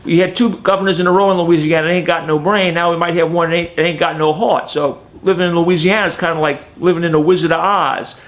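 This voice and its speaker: A man's voice: on the high side, fairly even intonation, fast talker, few pauses, fairly bright tone, close to an everyday voice. A comedian playing a brash, rambling local man from New Orleans who gives advice over the phone, with a New Orleans accent. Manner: brash, rambling phone patter with "okay?" tags. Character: fast-talking local man giving tips on the phone. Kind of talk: live one-man stand-up sketch.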